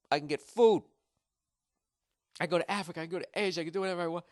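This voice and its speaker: A male comedian ranting profanely in a comedic podcast, animated and building to loud outbursts. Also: high voice, very fast, pauses often, dry recording, clean studio sound.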